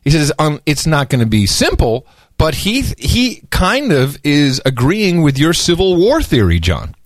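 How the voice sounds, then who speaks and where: High, animated male podcast host. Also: measured pace, no room sound. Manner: animated, joking, mocking impressions. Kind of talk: casual chat.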